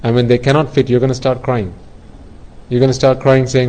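A man's voice: mid-range voice, level tone, a little fast, dark tone, low-quality recording. A man giving an earnest Buddhist dharma talk, explaining ideas through everyday examples and often repeating himself. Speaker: Buddhist teacher.

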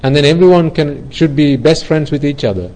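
A man's voice: a little high, a little fast, mellow, poor audio. A man giving an earnest Buddhist dharma talk, explaining ideas through everyday examples and often repeating himself. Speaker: Buddhist teacher.

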